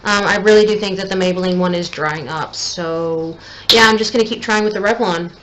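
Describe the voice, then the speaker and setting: Doing her makeup at home, a young woman talks through a casual tutorial, self-deprecating and increasingly frustrated as she thinks out loud. She has a lowish, slightly bright voice and a brisk pace. The recording is rough, with a little hiss or hum.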